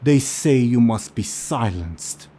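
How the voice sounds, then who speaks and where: A man voicing an ominous male nature keeper who speaks in slow, solemn pronouncements. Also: medium pitch, lively intonation, mellow.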